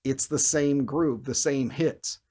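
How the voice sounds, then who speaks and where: Man, bass lesson host, energetic explainer, scats riffs, counts beats, average pitch. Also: slow. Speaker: bass teacher. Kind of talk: instructional video lesson.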